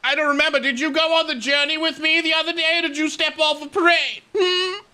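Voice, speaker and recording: A man voicing an excitable, pompous male admiral in game role-play, exclaiming and scolding. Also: extremely high pitch, fast talker, pitched above the performer's own voice, heavily acted. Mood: accusing.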